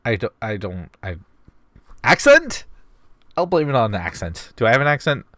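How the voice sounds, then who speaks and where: A young man in his twenties talks through a casual question-and-answer vlog, his nose audibly stuffed up. His voice sits on the lower side but swings up and down with animated inflection, and his humor is wry and self-deprecating. The sound is dry, with almost no room around it. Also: quick pace, dry recording. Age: 20s. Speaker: vlogger.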